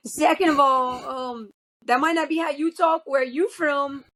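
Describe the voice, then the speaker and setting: Woman, 40s, thick Cajun accent, high voice, casual guest chat. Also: a little slow. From South Louisiana. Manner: lively storyteller with a thick drawl.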